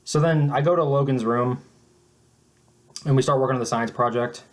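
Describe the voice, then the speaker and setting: Halting deadpan young man telling a tale. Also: mid-range voice. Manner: halting and deadpan, with many restarts. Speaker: vlogger. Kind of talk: mock-serious storytelling.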